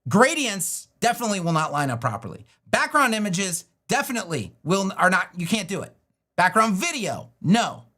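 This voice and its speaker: Brief: middle-aged male web design streamer, high voice, animated and sarcastic, casual and a bit profane. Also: normal speed. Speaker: web design educator on a livestream. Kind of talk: casual livestream teaching with a screen demo.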